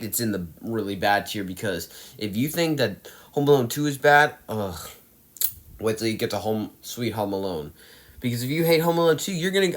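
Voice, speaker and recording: Young male reviewer, casual and emphatic, exasperated ranting delivery, mid-pitched. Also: fairly bright tone. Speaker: movie reviewer. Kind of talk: casual ranking monologue.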